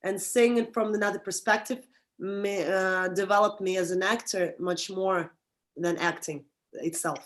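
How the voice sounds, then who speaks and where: A young adult woman with a Russian accent and a mid-range voice speaks English in a casual interview as a director and actress. She halts and restarts often while explaining, giving animated advice.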